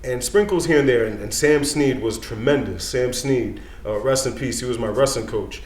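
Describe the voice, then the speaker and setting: A man's voice: mid-range voice, moderate pace, darkish tone, reverberant. A man in his thirties, a dean of students, telling a personal story live in a casual, streetwise way, full of "you know".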